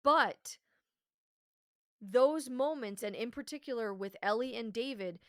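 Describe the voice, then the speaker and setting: A woman's voice: a little high, measured pace, fairly bright tone, dry recording, studio quality. A woman co-hosting a podcast in casual review chat, talking passionately and emphatically and swearing freely. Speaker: podcast co-host.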